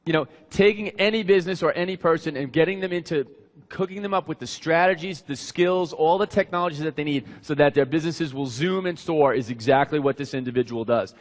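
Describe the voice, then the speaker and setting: A man's voice: a little high, brisk. A man introducing a speaker on stage, hyping him up and asking the audience questions. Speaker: event emcee. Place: large hall with a live audience. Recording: long hall reverb.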